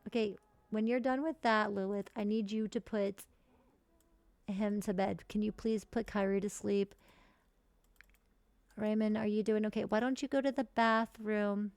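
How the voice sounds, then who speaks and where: A woman streaming live gameplay, chatting casually and cursing freely while voicing her characters in quick high asides. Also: steady tone, darkish tone, clean tone, no echo. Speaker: streamer playing a life-simulation game.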